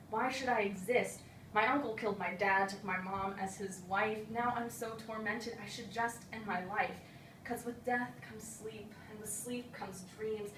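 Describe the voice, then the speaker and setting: A woman's voice: a little high, natural voice. A young woman rapping the part of a brooding, tormented young prince in a student project. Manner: rapping read lyrics, rhythmic. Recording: roomy echo, distant mic, faint hiss.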